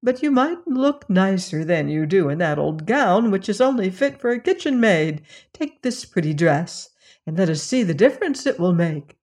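A woman voicing a kind, cheerful old fairy in a storybook reading, speaking with bright, raised eagerness. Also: mid-range voice, sing-song, normal speed.

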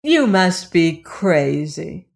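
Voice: mid-range voice, expressive, normal speed, lightly acted. A reader doing a fierce, defiant young woman. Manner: fierce, loud protesting. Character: defiant young woman under police pressure.

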